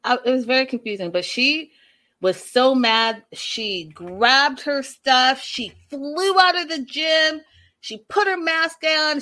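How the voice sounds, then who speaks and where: Animated, gossipy woman vlogger. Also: a little high. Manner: animated, gossipy, speeding up and slowing down. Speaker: vlogger recapping a reality show. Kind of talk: casual chat.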